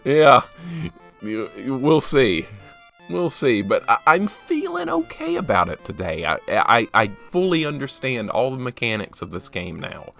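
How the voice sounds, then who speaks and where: A man's voice: mid-range voice, wildly swooping pitch, moderate pace, creaky, fairly bright tone, soft background music. A man streaming a video game live, chatting casually, greeting viewers by name and poking fun at himself. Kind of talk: casual live gameplay commentary.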